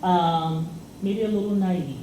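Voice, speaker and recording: A woman co-hosts an easygoing chat, telling a loose, filler-laden story in a lowish, mellow voice at a slow pace. The room is echoey, with faint noise present.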